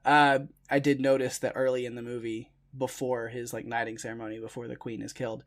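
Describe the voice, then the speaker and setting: A man's voice: medium pitch, brisk. Easygoing male podcast co-host. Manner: relaxed, rambling, frequent fillers and laughs. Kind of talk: casual film discussion.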